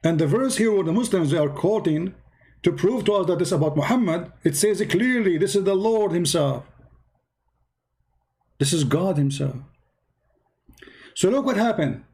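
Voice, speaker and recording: A man's voice: sits high, expressive, moderate pace, long pauses, a little mellow. Combative, mocking man on a livestream. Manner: mocking, combative, repeats himself. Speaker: live stream host. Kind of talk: heated commentary.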